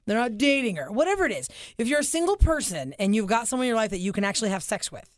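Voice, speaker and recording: A woman's voice: on the high side, racing, no echo, clean studio sound. A woman in her thirties co-hosting a show, chatting casually and telling stories animatedly. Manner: animated storyteller who acts out quotes. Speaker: show co-host. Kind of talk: casual chat.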